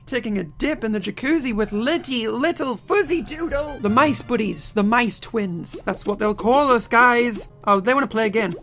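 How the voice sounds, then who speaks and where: Goofy young man yelling over a game. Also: high voice, expressive, measured pace, creaky. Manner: goofy, self-mocking, bursts into yells. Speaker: let's play gamer. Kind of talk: game commentary. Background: game music.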